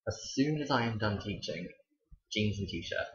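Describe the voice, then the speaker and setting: A man's voice: lowish voice, expressive, a little slow. A young man, a teacher, telling stories in a chatty, wry vlog. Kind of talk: casual storytelling vlog. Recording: dull roomy home recording.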